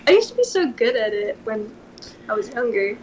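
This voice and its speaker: A woman's voice: fairly high pitch, very animated, normal speed, a little hiss or hum, rough recording. Woman streamer reading a novel aloud. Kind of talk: casual reading aloud on a livestream.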